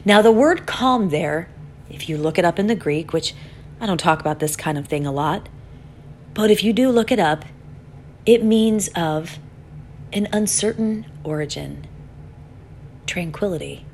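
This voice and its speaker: A woman preaching a sermon, telling a story with animated swings between loud pleading and soft calm. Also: medium pitch, slight background noise. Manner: animated storytelling, voice rises for acted pleas, drops soft for calm.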